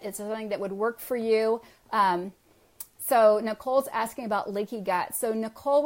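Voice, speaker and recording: A woman wellness coach speaks on a live stream, rushing through her points with eager enthusiasm. Her voice sits at an ordinary middle pitch. She talks quickly and answers viewer comments as she goes. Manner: fast-talking, enthusiastic.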